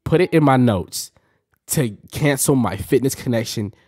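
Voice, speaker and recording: A man's voice: mid-range voice, expressive, normal speed, dark tone, slightly rough, no echo. A young man hosting a reaction video, rambling casually to his viewers and laughing often.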